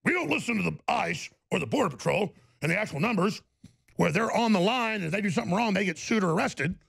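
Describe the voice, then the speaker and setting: Gravelly, sarcastic male commentator. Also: high-pitched, lively intonation, fast talker, fairly bright tone. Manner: ranting, sarcastic, jumps between mock voices. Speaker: political commentary host. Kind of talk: heated political commentary.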